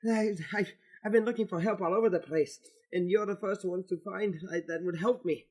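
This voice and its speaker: A man voicing an elven wizard cursed into a sheep, in a higher put-on accent with a polite, stammering manner. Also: steady tone, brisk, a little mellow. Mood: pleading. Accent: put-on elvish accent.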